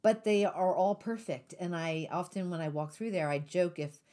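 On her faith-based podcast, the host looks back on her personal story with a touch of humor, then turns to teaching from scripture. Her voice is fairly low and mellow, at a moderate pace.

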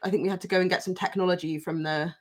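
A woman's voice: on the low side, steady tone, racing. A woman co-hosting a podcast, reading a listener's story aloud with frequent laughter and casual swearing, then chatting. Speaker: podcast co-host.

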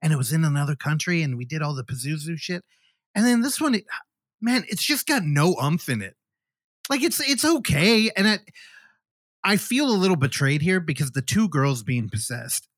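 A man co-hosting a podcast, chatting casually about horror films, animated and swearing freely. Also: on the high side, normal speed, no room sound, studio quality. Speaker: podcast co-host.

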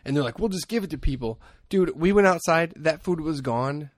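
A man's voice: fairly high pitch, lively intonation, a little fast, dry recording, studio quality. A man, hosting a podcast and telling rambling, jokey stories in casual chat. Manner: joking storyteller, rambling asides. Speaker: podcast host.

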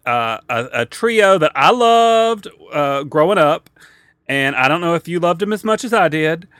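A man's voice: on the high side, expressive, unhurried, fairly bright tone, clean tone, no room sound. A man co-hosting a comedy podcast, teasing his partner and laughing easily. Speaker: podcast co-host. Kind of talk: casual comedic banter.

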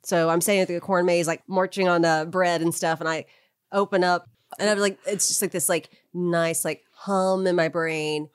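A woman's voice: fairly low pitch, fairly even intonation, moderate pace, clean tone, dry recording, clean studio sound. A woman playing a tabletop game, rambling and laughing with lots of fillers. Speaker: player. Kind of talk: casual tabletop play.

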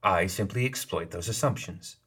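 Sly geisha woman in charge, read by a male narrator: smug, teasing, a little husky, slightly raised from a lowish voice. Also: normal speed, fairly bright tone, heavily acted. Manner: playful, teasing and knowing.

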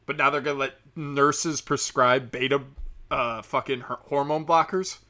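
Bright-voiced man ranting on a podcast. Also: mid-range voice, fairly even intonation, normal speed. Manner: profane, exasperated, sarcastic. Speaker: podcast host. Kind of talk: casual solo podcast rant.

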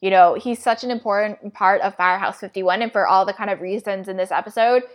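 A woman of middle pitch chats loosely as a podcast co-host. She rambles, circling her points and leaning on "like" and "you know" in nearly every sentence. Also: steady tone, quick pace. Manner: rambling, says "like" constantly. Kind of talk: casual chat.

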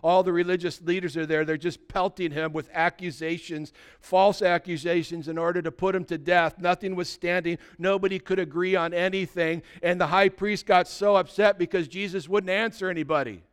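A man's voice: high-pitched, fairly even intonation, moderate pace, few pauses, clear, resonant tone. A male pastor delivering an earnest sermon, exhorting his congregation directly.

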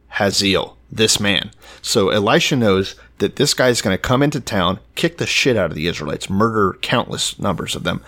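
A man with a low voice leads the retelling on a casual podcast. He is wry and profane, and he keeps pushing the story along. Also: fairly bright tone. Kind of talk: irreverent casual chat, retelling scripture.

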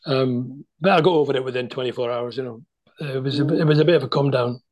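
A man's voice: medium pitch, quick pace, a crowd in the background. An older man, a former footballer, telling chatty anecdotes about his playing days over a video call. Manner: chatty anecdotal storyteller, many restarts. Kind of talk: storytelling interview.

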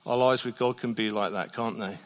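A man preaching a sermon in a church, shifting between soft, hushed passages and loud, emphatic ones. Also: on the low side, steady tone, fairly quick. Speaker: pastor. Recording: long reverb of a church hall.

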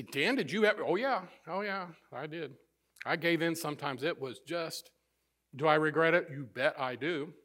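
Bright-voiced, high-pitched male preacher. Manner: emphatic, building repeated phrases. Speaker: pastor. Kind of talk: sermon.

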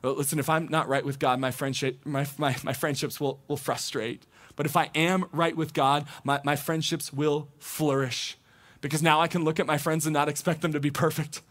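A man, a teaching pastor, preaching a conversational sermon, acting out people's thoughts with lively shifts. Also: fairly high pitch, moderate pace. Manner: conversational, animated, acts out quoted thoughts.

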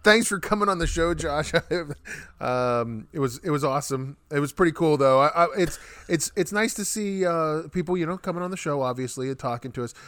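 A man's voice: fairly high pitch, a little fast, fairly bright tone, clear, resonant tone, no echo. A man hosting a casual sports podcast, chatty and rambling, with many fillers. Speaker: podcast host.

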